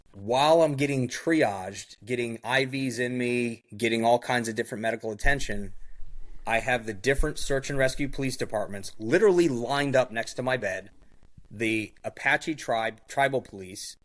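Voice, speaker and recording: A man of ordinary middle pitch tells a story on a podcast as a guest. He speaks casually and bluntly, with many fillers, and acts out what others said in the tale. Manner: vivid, blunt retelling that acts out the quoted dialogue; frequent fillers like "like" and "I go". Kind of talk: casual first-person storytelling.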